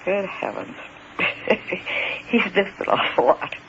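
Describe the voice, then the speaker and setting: A man with a high voice recounts an encounter in the first person, stumbling and repeating himself before pressing his points hard. The recording is dull and lo-fi, with a faint hiss underneath. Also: expressive, creaky. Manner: hesitant, halting, repeats words, grows emphatic.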